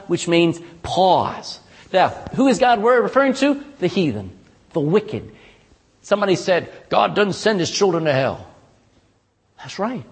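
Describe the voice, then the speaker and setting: A male preacher with a high, strongly swinging voice delivers a sermon in a folksy, animated way and keeps tossing "amen?" back to the pews. His voice rings through a church with a long, lingering reverb.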